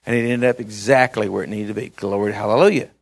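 A man's voice: fairly low pitch, fairly even intonation, fast, vocal fry. A man preaching a conversational sermon who reads scripture aloud and checks in with the congregation in short, earnest bursts with frequent restarts.

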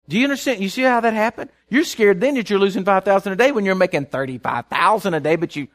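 A man's voice: sits high, animated, fast, hardly any pauses. A man preaching a sermon, often asking if his listeners follow and repeating words as he restarts. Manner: keeps asking the congregation if they follow; acts out worried people in a hushed voice.

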